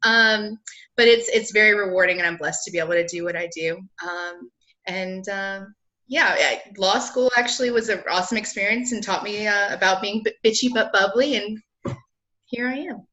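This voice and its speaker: A woman with a South Carolina Southern accent chats as a podcast guest. Her voice is bright and clear, and she laughs often and tosses in quick asides. She sounds lively and open. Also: medium pitch. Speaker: guest, lawyer and blogger. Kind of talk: casual podcast interview.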